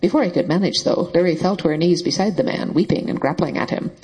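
A man narrating a novel in a steady, even storytelling voice. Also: sits high, fast, slightly rough, low-quality recording. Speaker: audiobook narrator. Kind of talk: scripted narration.

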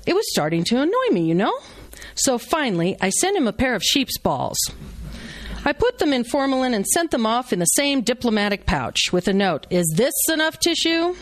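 A woman's voice: a little high, big pitch swings, normal speed, voice pushed up. A woman reading aloud as a brash, joking male surgeon who is teaching a procedure. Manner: blunt, wisecracking, instructive. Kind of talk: reading a novel aloud to a live audience.

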